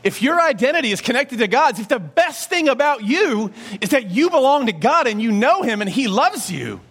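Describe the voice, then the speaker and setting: A male pastor delivering a sermon, talking to his listeners in a conversational, animated way. His voice sits high and leaps around a lot in pitch. He keeps checking in with rhetorical questions and small asides. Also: moderate pace, breathy edge.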